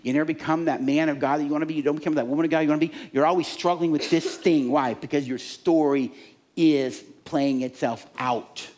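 A male pastor preaching a sermon, animated, acting out the voices in people's heads and the fans in the stands. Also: fairly high pitch, a little fast.

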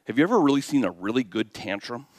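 A man preaching a sermon, animated, swinging from hushed asides to loud exclamations. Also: mid-range voice, fast talker, no echo. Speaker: pastor.

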